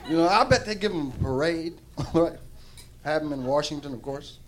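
A man doing stand-up comedy on stage before a live audience, telling a profane, animated story into a handheld mic. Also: on the high side, moderate pace.

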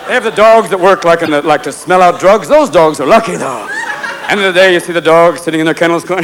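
A man doing a profane stand-up routine, jumping into high voices for animals. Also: quick pace. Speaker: stand-up comedian. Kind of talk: stand-up routine before a live audience. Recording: live club recording with crowd noise.

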